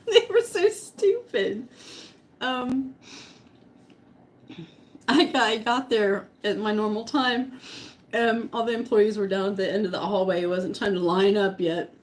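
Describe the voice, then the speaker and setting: A woman's voice: medium pitch, steady tone, moderate pace. A middle-aged woman vlogger telling a story to her live chat, laughing often and eating as she talks. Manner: giggly, laughs often while talking; eating while talking.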